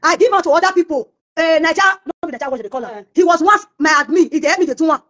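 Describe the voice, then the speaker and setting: A Nigerian woman talks at a racing clip in a high, bright-edged voice. She tells her story in an interview and keeps slipping into the voices of the people in it. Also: lively intonation, quick pace. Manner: acts out quoted voices of others while telling stories. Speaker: singer being interviewed.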